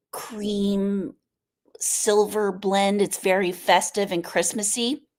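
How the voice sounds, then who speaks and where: An American woman hosting a casual live stream, chatting in a rambling way and answering viewer comments. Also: mid-range voice. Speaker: livestream host.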